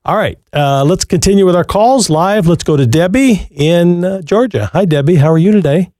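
A man's voice: high-pitched, expressive, moderate pace, mellow, dry recording, clean studio sound. A man hosting a live Christian radio call-in show, giving earnest, encouraging advice to callers. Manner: earnest, encouraging, repeats and restarts phrases.

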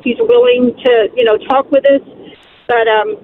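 A woman calling in to a radio show, holding back tears and speaking haltingly. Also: on the high side, steady tone. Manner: halting, hesitant. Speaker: caller. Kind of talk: call-in conversation. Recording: tinny phone line with noise.

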